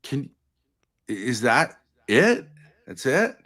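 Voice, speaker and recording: A man argues hard on a live stream, blunt and profane, hammering his points. His pitch swings widely as he presses on, jumping high, then dropping low. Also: very animated, slow pace, a bit bright. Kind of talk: heated argument on a live stream.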